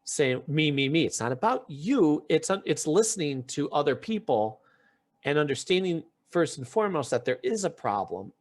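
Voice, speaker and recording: A man's voice: a little high, sing-song, normal speed. A man hosting a podcast, retelling a story in casual chat and acting out the quotes as he goes, often restarting his sentences. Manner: frequent restarts while recounting. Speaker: podcast host.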